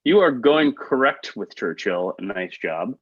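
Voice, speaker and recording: Male trivia host, lively delivery, jokey asides, lo-fi video call sound. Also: mid-range voice, no echo. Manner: upbeat, quick asides, chuckles at own jokes. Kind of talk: reading trivia questions, joking asides. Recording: dull, lo-fi video call audio.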